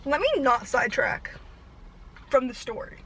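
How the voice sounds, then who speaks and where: A young woman vlogger telling a rambling story fast and out of breath, laughing at herself. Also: high-pitched, pushed and bright, a little hiss or hum, poor audio. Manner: breathless, fast-talking, self-deprecating.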